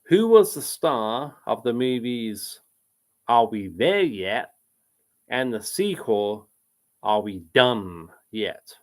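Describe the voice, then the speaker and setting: A man's voice: mid-range voice, big pitch swings, takes it slowly. A man hosting a live quiz stream, reading out chat comments and rambling casually about films, often breaking off mid-sentence and laughing.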